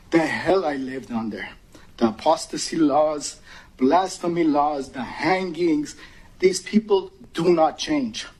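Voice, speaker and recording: A man's voice: high voice, slightly rough, low-quality recording. A man from Iran giving impassioned public testimony at a meeting podium, urgent and pleading. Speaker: public commenter.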